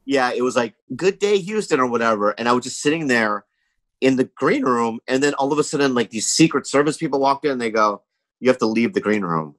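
A man's voice: medium pitch, animated, a little fast, a bit bright, no room sound, low-quality recording. A man guesting on a podcast, chatting casually and rambling through stories with lots of fillers, acting out other people's voices along the way. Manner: rambling storytelling with many fillers. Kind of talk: casual chat.

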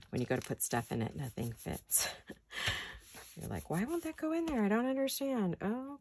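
A woman's voice: very deep voice, creaky, background noise. A woman hosting a paper craft video, chatting casually to viewers and talking herself through each step in her early morning voice. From United States. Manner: chatty, self-talking while working, light laughs. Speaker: paper craft channel host. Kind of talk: casual crafting chat to camera.

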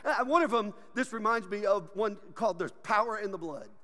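A man preaching a sermon as pastor, animated and joking, often laughing. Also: high-pitched, a little fast, in a large hall. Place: church sanctuary.

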